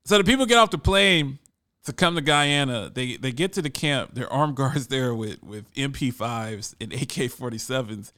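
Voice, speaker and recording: Male podcast talker, bright and lively tone, loose and rambling delivery. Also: medium pitch, normal speed. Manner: animated, conversational, trails off and repeats words. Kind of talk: casual monologue.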